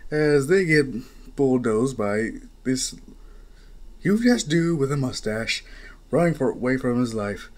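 A man's voice: medium pitch, animated, a little slow. A man narrating a fan story in a loose, slangy, casual way.

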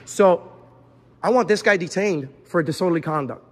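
A man filming a heated confrontation in a building lobby, shouting repetitive demands and swearing. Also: sits high, normal speed, a little hiss or hum.

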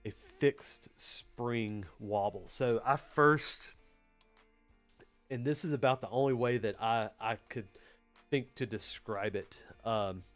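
A man's voice: medium pitch, slow, soft background music. A man with a Southern US accent hosting a live technical training session, chatty and rambling with lots of fillers. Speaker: PLC training host. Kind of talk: casual live-stream technical lesson.

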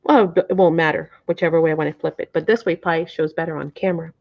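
In a low, steady voice delivered rapid-fire, a middle-aged woman hosts a live craft tutorial. She chats a lot, gets a bit flustered, and checks in with viewers often. Flustered by the camera framing, she turns apologetic; the recording is dull and lo-fi.

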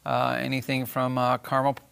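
Gravelly-voiced man, a restaurant owner. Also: medium pitch, monotone, a little fast, a bit bright. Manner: plain, easygoing answers. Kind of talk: casual interview.

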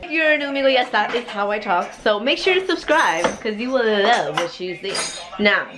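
A young woman in her twenties vlogs to the camera from home, her fairly high voice animated and a little fast, with crowd noise behind her. She's playful and goofy, sprinkling Spanish phrases into her casual talk.

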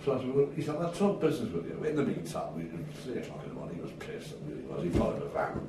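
A man's voice: medium pitch, rapid-fire. An older man from Merseyside, a retired drummer, telling stories in a casual interview and acting out the voices of people he quotes, with frequent swearing. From Merseyside, England. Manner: lively storyteller who acts out quoted voices and swears freely. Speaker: retired drummer and band agent. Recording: echoey room from far off with faint hiss.

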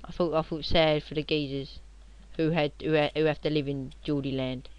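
A young man, rambling and joking as he narrates his own computer game, now and then shouting at enemies. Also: fairly high pitch, little pitch movement, moderate pace, smooth, dry recording, highs cut off. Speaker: gamer playing on video. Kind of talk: casual game commentary.

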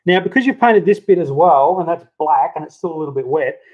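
A hobby model builder who hosts a channel chats casually about crafting how-tos as he works, relaxed and a little profane. His voice is a little high and brisk, and the handheld camera mic gives it a dull sound.

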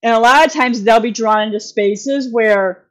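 A woman's voice: a little high, normal speed. A woman guest on a podcast, explaining at length in a casual, rambling way, full of fillers and restarts and folksy phrasing.

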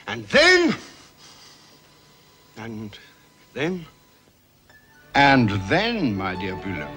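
Casting note: a man as a theatrical, scheming emperor, even mid-range voice, loud music under him. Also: mid-range voice, natural voice. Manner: theatrical, swings between exultant and hushed. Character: boastful excitable middle-aged emperor scheming. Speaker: emperor recounting a meeting. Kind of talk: 1970s television drama acting.

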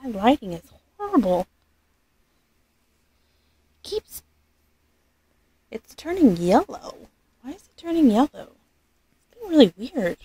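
A woman doing a casual unboxing vlog as a doll collector. She gushes, rambles and corrects herself, and often drops to a soft near-whisper. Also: fairly high pitch, very animated, slow pace, long pauses, breathy edge, no room sound.

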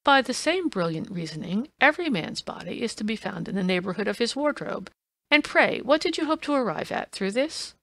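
A woman's voice: a little high, big pitch swings, brisk, vocal fry, fairly bright tone, no room sound, full character voice. A woman voicing a cool, ironic male detective in an audiobook, dry and teasing. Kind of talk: audiobook reading.

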